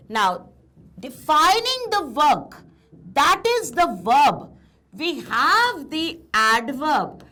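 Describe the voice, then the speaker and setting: A woman teaching a grammar lesson, speaking slowly and emphatically and putting questions to her students. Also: high voice, a bit bright.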